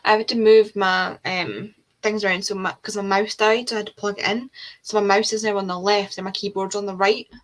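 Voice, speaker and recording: A woman's voice: mid-range voice, steady tone, brisk, low-quality recording. A young adult woman hosting a livestream in casual chat, rambling with frequent ums and the odd swear word. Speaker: livestream host of reading sprints.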